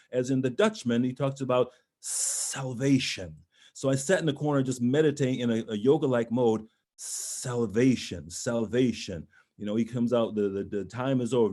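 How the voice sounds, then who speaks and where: Baritone voice teacher coaching a singer. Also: male voice, warm tone. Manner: encouraging, hesitant, sings and speaks sample words in French and German. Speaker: voice coach leading a master class. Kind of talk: online master class coaching. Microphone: video call.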